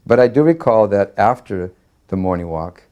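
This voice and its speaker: An older man reminiscing in an interview, earnest and halting, with many fillers as he recalls a memory. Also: lowish voice, expressive, mellow, highs cut off. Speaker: devotee sharing memories.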